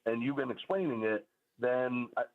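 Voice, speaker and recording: A man's voice: mid-range voice, moderate pace. A man calling into a radio talk show, laying out his points methodically with frequent fillers. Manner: methodical, lays out points in order, with many fillers. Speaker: caller. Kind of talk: call-in radio commentary. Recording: phone-line caller audio.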